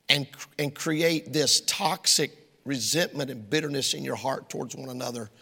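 A man preaching a sermon, folksy and emphatic, swinging between shouts and hushed asides. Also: fairly high pitch. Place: church sanctuary. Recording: reverberant hall.

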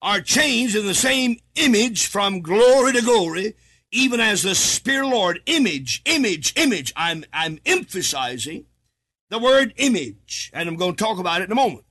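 A man preaching a sermon from the United States, reading scripture in a half-chanted way and rising to shouts for emphasis. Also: high voice, expressive, moderate pace.

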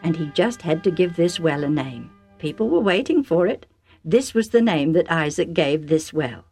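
Lower-voiced woman reading a storybook. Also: animated, moderate pace, soft background music. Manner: warm, chatty, with asides to the listener. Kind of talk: storybook narration for children.

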